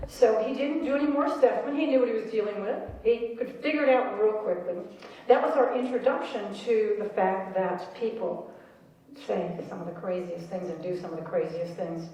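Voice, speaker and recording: A woman's voice: mid-range voice, moderate pace. Woman telling stories in an echoey hall. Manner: lively, animated storytelling with audience prompts. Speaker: speaker on caregiving. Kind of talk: storytelling talk to an audience. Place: large room with an audience. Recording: echoey hall recorded from far off.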